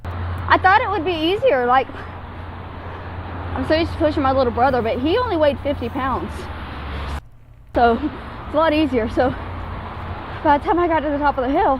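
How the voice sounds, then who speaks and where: A breathless woman with a fairly high voice rambles casually as she walks. She is recorded outdoors, with clear street and traffic noise behind her. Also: lively intonation, moderate pace, pauses often. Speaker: vlogger in a played clip. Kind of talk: casual vlog while walking.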